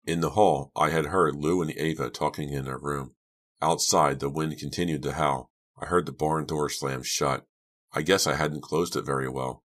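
A man narrating a horror novel for an audiobook in a steady, measured way. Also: extremely low pitch. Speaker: audiobook reader. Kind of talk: scripted narration.

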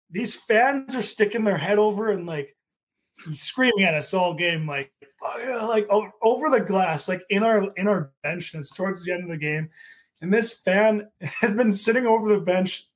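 A young man with a fairly high voice hosts a loose, chatty podcast. He drifts through his stories with plenty of "like" fillers and casual swearing, and laughs as he goes. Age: young adult. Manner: laid-back, lots of "like" fillers and swearing. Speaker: podcast co-host. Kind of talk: casual chat.

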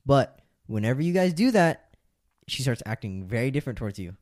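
A man's voice: medium pitch, expressive, brisk, darkish tone, dry recording, clean studio sound. A man giving blunt advice on a podcast and lecturing listeners directly in casual talk.

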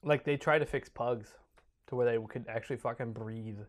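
A man's voice: medium pitch, steady tone, normal speed. A man hosting a podcast, reading notes in a casual, joking way with small stumbles. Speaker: podcast host.

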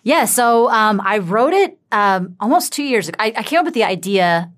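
A woman's voice: mid-range voice, expressive, moderate pace. A woman filmmaker being interviewed casually, easygoing and laughing often. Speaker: filmmaker guest.

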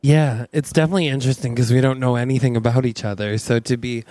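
A man co-hosting a comedy podcast, making wry, deadpan quips while improvising a story. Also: mid-range voice, quick pace, dry recording. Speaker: podcast co-host.

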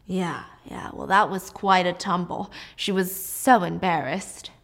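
A woman's voice: fairly low pitch, unhurried, fairly bright tone, pitched below the performer's own voice. A woman voicing a breezy, reassuring male doctor.

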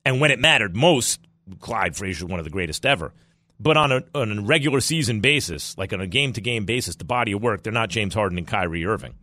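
A man from New York hosting a sports talk radio show, rambling in an animated way with quick asides. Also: fairly low pitch, dry recording.

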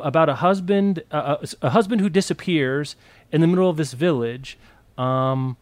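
A podcast co-host with a slightly high voice rambles enthusiastically through book recommendations, restarting his sentences many times. It's a casual book chat recorded with no room sound.

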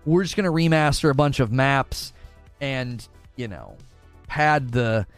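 A man's voice: mid-range voice, lively intonation, a little slow, smooth, soft background music. A man giving heated, opinionated commentary in a casual way, repeating himself for emphasis. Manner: emphatic, heated, repeats words, mocking quoted voices. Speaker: gaming commentator.

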